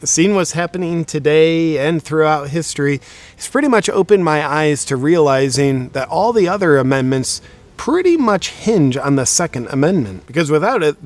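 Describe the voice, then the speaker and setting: Deadpan mock-serious young man. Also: fairly high pitch. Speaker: video host. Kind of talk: sarcastic comedic monologue.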